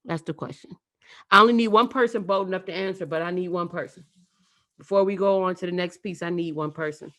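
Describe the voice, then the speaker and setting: A woman's voice: lowish voice, a little fast, pushed and bright. Emphatic woman spoken word poet. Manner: emphatic, rhythmic, repeats phrases for effect. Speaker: spoken word poet leading an online event. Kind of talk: spoken word performance and audience dialogue. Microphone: video call.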